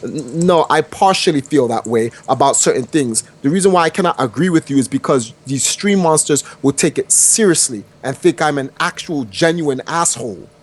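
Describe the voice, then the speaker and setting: A man's voice: a little high, expressive, normal speed, few pauses. A man co-hosting a heated casual panel chat. He rambles, repeats himself and slips into mock-medieval phrasing. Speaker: podcast co-host.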